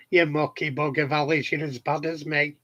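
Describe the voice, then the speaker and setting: A middle-aged Yorkshire man with a fairly high, bright voice chats to his viewers in a slow, unhurried way. He tells cheeky, plain-spoken anecdotes in a casual manner. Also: highs cut off. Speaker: hobbyist vlogger answering viewers. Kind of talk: casual chat. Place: home garden shed.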